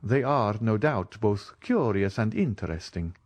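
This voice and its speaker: A man's voice: lowish voice, lively intonation, darkish tone, no echo. A man reading the part of a courteous, mysterious count in an audiobook. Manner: courteous, measured.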